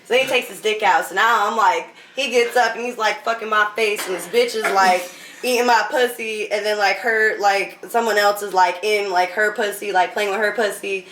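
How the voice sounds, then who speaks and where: A woman's voice: medium pitch, fairly even intonation, moderate pace, recorded from a distance, slight background noise. A young woman telling candid stories as an interview guest, laughing often and filling her talk with "like". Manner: laughs often, fills with "like", drops to a hush for quoted lines. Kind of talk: candid casual storytelling. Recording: roomy echo, off-mic.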